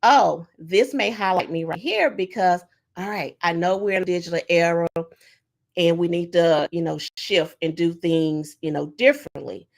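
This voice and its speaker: Brief: woman on a video call, fairly low voice, casual teaching tone, loose and chatty with fillers. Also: moderate pace, vocal fry. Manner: conversational, many fillers, acts out sample prompts. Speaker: workshop presenter.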